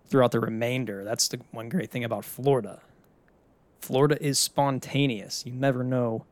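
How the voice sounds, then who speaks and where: A man's voice: medium pitch, no echo. A young man from the Pittsburgh area, hosting a casual solo podcast, talking in a loose, chatty way with casual swearing. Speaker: podcast host.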